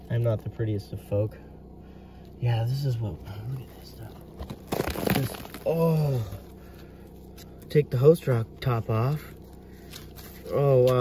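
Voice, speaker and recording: A man prospecting in a hard rock mine, giving excited running commentary to his viewers as he works. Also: medium pitch, recorded from a distance, slight background noise. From United States. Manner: excitable, marvelling, talks to viewers.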